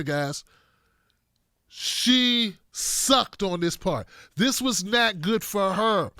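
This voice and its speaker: A man with a high, bright, ringing voice delivers blunt, profane political commentary. He talks straight to his viewers and hammers his points home. The sound is close and dry, with no room around it. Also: clear, resonant tone, no room sound.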